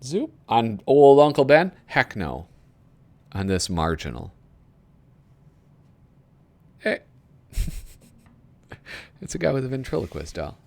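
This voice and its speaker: Chuckling, lively man reading aloud. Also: medium pitch, takes it slowly, gravelly, pauses often. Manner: rambling, chuckling, reads jokes aloud. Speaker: video host flipping through a magazine. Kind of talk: casual commentary.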